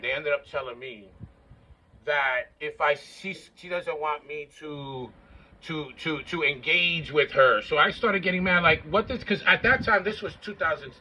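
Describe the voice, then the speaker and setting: A man's voice: on the high side, sharp tone, husky, dull audio. Blunt, profane man in his forties. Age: 40s. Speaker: vlogger. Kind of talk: casual rambling monologue.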